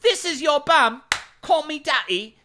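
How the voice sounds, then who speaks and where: A man's voice: animated, a little slow, slight background noise, full character voice. A man voicing an angry, crude, bossy British man in a mocking impression with a put-on British accent. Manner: shouty, high-pitched mocking impression.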